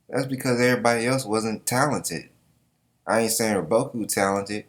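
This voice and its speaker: Low-voiced, profane reaction host. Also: male voice, fairly even intonation, moderate pace. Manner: profane, joking, reads panels aloud in put-on voices. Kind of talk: casual reaction commentary.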